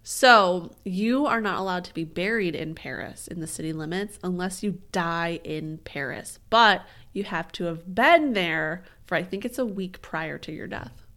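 A woman's voice: fairly low pitch, unhurried, a bit bright. Woman podcast co-host, sarcastic banter, swears casually, jokes around. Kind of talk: casual chat.

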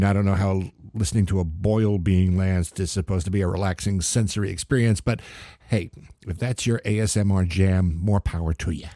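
Low, mellow-voiced man hosting comedy. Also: no echo, clean studio sound. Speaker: comedy podcast host. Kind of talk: scripted comic monologue.

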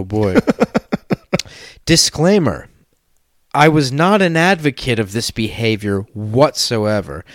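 A man's voice: mid-range voice, dry recording, studio quality. A man hosting a casual podcast, reading a listener's story aloud with laughing, crude asides.

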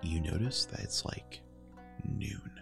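A man running a tabletop game as game master, narrating with animated storytelling that swings between hushed and loud. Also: low-pitched, slow, gravelly, music in the background.

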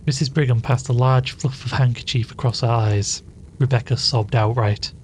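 A man narrating a classic short story with an even, measured reading. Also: mid-range voice, a little hiss or hum, rough recording.

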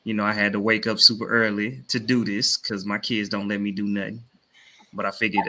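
A man's voice: on the low side, flat delivery, fairly quick, sharp tone, a little hiss or hum, rough recording. A man co-hosting a live podcast, speaking casually and in a laid-back way while he plugs his upcoming interviews. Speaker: podcast co-host.

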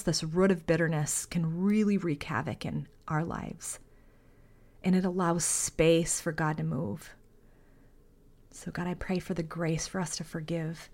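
A woman's voice: on the low side, darkish tone. A woman hosting a faith podcast. She speaks in an earnest, heartfelt, conversational way, reads scripture aloud and prays. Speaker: podcast host.

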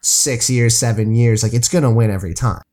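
A man with an ordinary middle-pitched voice thinks aloud about movies, stumbling over and repeating words as he goes. He is easygoing and reflective. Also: fairly even intonation, fairly quick, darkish tone. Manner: thoughtful, hesitant, repeats words. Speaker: podcast co-host. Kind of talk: casual film chat.

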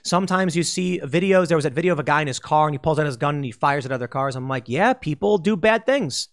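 A man's voice: fairly high pitch, steady tone, racing, fairly bright tone. A man hosting a political commentary monologue, blunt and argumentative, often acting out mocking voices. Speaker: host.

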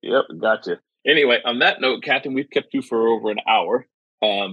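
An American man hosting a travel podcast, chatting in a relaxed, agreeable way and telling stories. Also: medium pitch, fairly quick, slightly rough, dry recording, low-quality recording. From United States. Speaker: podcast host. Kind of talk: casual travel podcast chat.

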